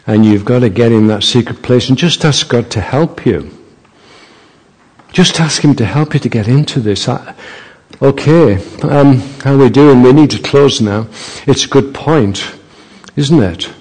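Slow, fervent male preacher in a hall. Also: medium pitch, darkish tone, husky. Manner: slow, emphatic preaching that builds to fervent climaxes. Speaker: visiting preacher. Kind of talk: sermon. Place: church. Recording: reverberant church hall.

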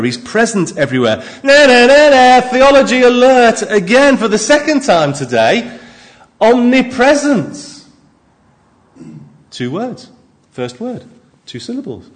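A man preaching a sermon into a microphone in a church, emphatic and lively, with asides to the congregation. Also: sits high.

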